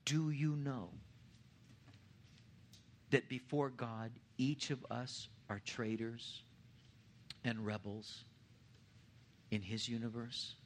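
A man preaching a sermon as pastor, swelling louder and higher on key points and dropping to a hushed, low voice at the ends of lines. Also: fairly even intonation, slow pace, pauses often, slight background noise.

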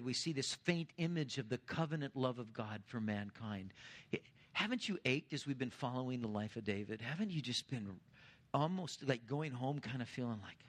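Delivering a sermon, this pastor builds up in volume and pitch on his main points and sinks into a quiet, low voice as each line finishes.

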